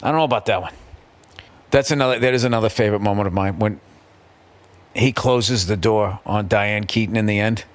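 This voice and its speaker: A middle-aged man hosting a podcast, telling a story in a casual, profane, animated way and slipping into quick impressions. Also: on the low side. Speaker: podcast host.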